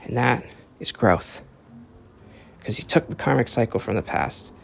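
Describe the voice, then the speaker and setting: Gravelly, profane man rambling on a podcast. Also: mid-range voice, lively intonation, measured pace, a little hiss or hum. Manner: rambling, profane, acts out quoted voices. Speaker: podcast host. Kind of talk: casual solo podcast monologue.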